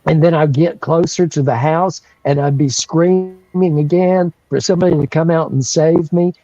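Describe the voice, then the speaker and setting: A man in his sixties from North Carolina, a guest telling a childhood story in a casual, animated way, with frequent laughs and restarts. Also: on the high side, normal speed, no echo, highs cut off. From North Carolina, USA.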